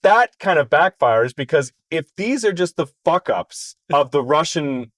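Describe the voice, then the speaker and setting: A man's voice: fairly high pitch, expressive, a little slow, fairly bright tone, no room sound. A man co-hosting a casual movie review podcast, picking apart the plot with dry sarcasm. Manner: wry, sarcastic. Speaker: podcast co-host.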